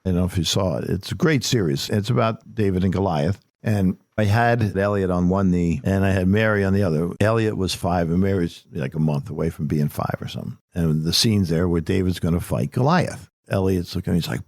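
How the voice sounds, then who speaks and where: An older man with a low, gravelly voice tells stories in a folksy, emphatic way. He is a guest on an interview show, and the sound is dry and close with no room around it. His delivery stays casual and conversational. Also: brisk, hardly any pauses, darkish tone, no echo. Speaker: political candidate, guest.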